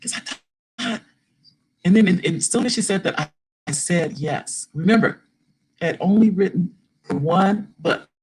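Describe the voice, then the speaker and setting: Husky grandmother telling a story. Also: lowish voice, unhurried, pauses often, low-quality recording. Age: older. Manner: animated storyteller, voice rising with excitement. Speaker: guest speaker, children's book author. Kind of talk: storytelling talk to an audience.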